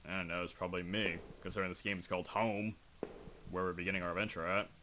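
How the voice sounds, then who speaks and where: A man's voice: sits low, flat delivery, fast, sharp tone, a little hiss or hum. A young man giving casual, rambling commentary while playing a video game, reading game text aloud and joking at himself. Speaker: gaming video host. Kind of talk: casual let's play commentary. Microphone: desk microphone.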